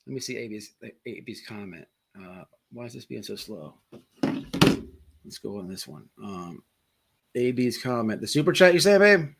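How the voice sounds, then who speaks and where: A man's voice: mid-range voice, lively intonation, moderate pace, vocal fry, slight background noise. A man hosting a casual livestream, telling a long profane jail story with many repeated words. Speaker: livestream host.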